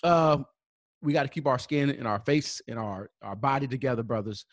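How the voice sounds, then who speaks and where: Man reading sponsor shout-outs. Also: mid-range voice, dry recording, studio quality. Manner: spells out web addresses slowly, many fillers. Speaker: podcast co-host.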